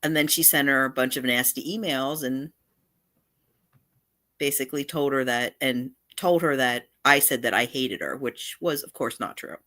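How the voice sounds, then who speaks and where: A livestream host chatting casually, halting often with fillers. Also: mid-range voice, bright, forceful tone.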